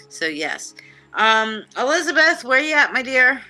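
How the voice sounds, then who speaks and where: A woman's voice: fairly high pitch, a little slow. A woman hosting a live psychic stream, chatting loosely and joking while she reads viewer comments. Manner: hyped, animated, joking, reading chat comments aloud. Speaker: psychic show host. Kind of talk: live-stream casual chat.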